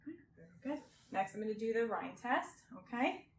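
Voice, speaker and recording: A woman guiding someone through a clinical health exam step by step, gentle and reassuring, often checking in with "okay?". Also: fairly high pitch, expressive, fairly quick. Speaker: examiner doing a health assessment. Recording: roomy with faint background noise.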